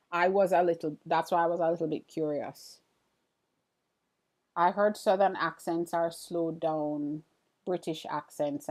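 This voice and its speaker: Slow, low-voiced woman hosting a live stream. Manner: relaxed, chatty, addresses viewers directly. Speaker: livestream host. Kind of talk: casual livestream chat, reading viewer comments.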